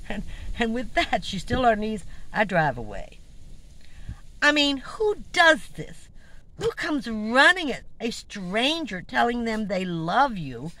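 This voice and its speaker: A woman who lives in a van talks to her viewers about something that happened to her. Her voice rises and falls in a lively way, and she sounds indignant and animated. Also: medium pitch, rough recording. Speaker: van-dwelling vlogger. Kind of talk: casual storytelling to camera.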